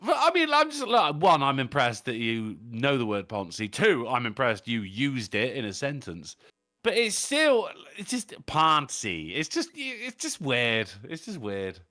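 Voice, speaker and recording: A man's voice: medium pitch, very animated, a little slow, sharp tone, no echo, clean studio sound. A British man in his thirties, co-hosting a casual podcast chat, joking and swearing freely. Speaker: podcast co-host.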